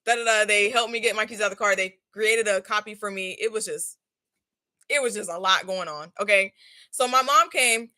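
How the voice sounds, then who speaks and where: A young woman in her twenties telling a casual, slangy storytime while doing a face mask, animated and laughing often. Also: mid-range voice, a little fast. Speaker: vlogger.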